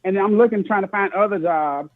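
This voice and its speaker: A male caller venting his frustration in a long, ranting complaint. His voice is fairly high and comes through a tinny, dry phone line. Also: brisk, no room sound. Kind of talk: call-in commentary.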